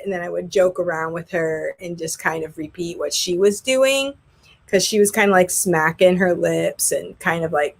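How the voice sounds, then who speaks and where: A woman who teaches English online, chatting casually and telling rambling stories about her classes. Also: medium pitch. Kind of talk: casual vlog chat.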